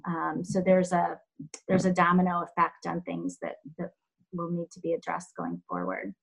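A woman who runs a health center, answering interview questions in a thoughtful, halting way with many fillers. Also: lowish voice, gravelly, breathy edge, poor audio.

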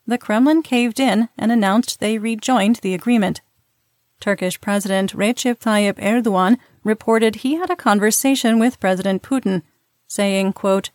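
A woman's voice: medium pitch, no echo. A woman hosting a scripted news update, reading reports with dry, sardonic asides. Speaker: news host.

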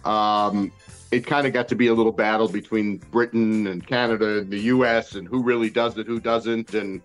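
An older man from Long Island, a guest telling joking stories in a radio interview with crisp, articulate speech. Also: fairly low pitch, steady tone, faint music behind. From New York, Long Island. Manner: rapid-fire, articulate, joking storyteller.

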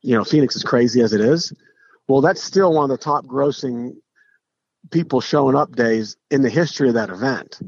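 Husky middle-aged man telling stories. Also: mid-range voice, moderate pace, no room sound. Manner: animated, restarts, acts out quotes. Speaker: podcast guest, pro golfer. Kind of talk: casual storytelling. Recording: dull lo-fi podcast audio.

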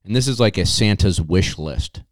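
A man's voice: sits low, animated, dry recording, clean studio sound. A man hosting a podcast in casual chat, teasing his co-host and moving through segments. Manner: teasing, unhurried, runs the segments.

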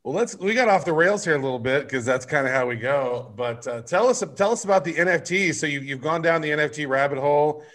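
A man's voice: on the high side, animated, quick pace, few pauses, fairly bright tone. A man co-hosting a podcast, chatting in an easygoing way and laughing along. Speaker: podcast co-host. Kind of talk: casual podcast chat.

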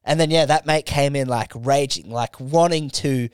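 Guy guest, smooth clear voice, close dry sound, laid-back. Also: medium pitch, normal speed, no echo. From Australia. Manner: laid-back swearing storyteller. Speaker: podcast guest. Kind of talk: casual chat.

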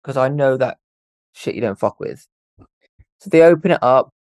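A young man telling a ghost story as a podcast guest, animated and swearing freely as he acts out what people said. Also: mid-range voice, normal speed, no room sound. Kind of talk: casual storytelling.

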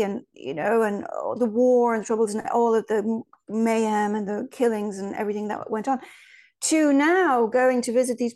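A woman's voice: fairly high pitch, a little mellow. A woman from Ireland, a guest in a casual interview, telling stories in a chatty way with many restarts and asides.

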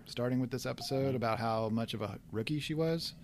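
A man's voice: mid-range voice, brisk. A man hosting a podcast, chatting casually through an episode commentary, laughing often and restarting his sentences. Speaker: podcast host.

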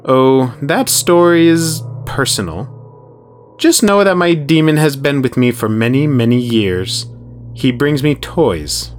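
A man voicing a creepy, demon-possessed man who speaks in a teasing, drawn-out sing-song. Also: medium pitch, lively intonation, soft background music, pitched above the performer's own voice. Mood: gleeful menace.

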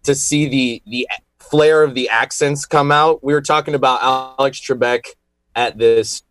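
A man's voice: mid-range voice, steady tone, moderate pace, fairly bright tone, dry recording. Easygoing male radio co-host. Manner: easygoing, laughs often, hesitant restarts. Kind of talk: casual radio talk show chat.

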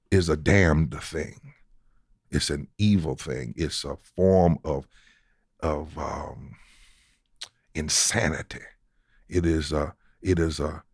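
Male preacher interviewee, low voice, emphatic and scriptural, dry close mic. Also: breathy edge, no echo. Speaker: guest preacher. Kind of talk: conversational interview answers.

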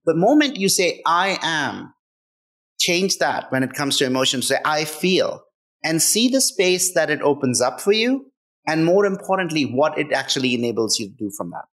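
A man's voice: fairly high pitch, a bit bright. A man speaking as a guest author in a conversational interview, earnest and emphatic, often checking in with "right?".

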